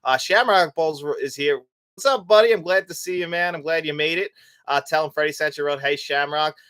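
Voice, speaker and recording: A man's voice: on the high side, brisk, a bit bright, smooth. A young man hosting a live show, chatting casually and reading out viewer comments, rambling with many fillers and restarts. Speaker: host of a live movie show.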